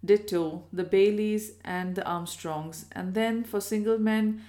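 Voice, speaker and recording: A woman's voice: medium pitch, steady tone, a little slow, mellow, natural voice. A woman reading aloud and voicing a chatty, solicitous hostess who fusses over her guest.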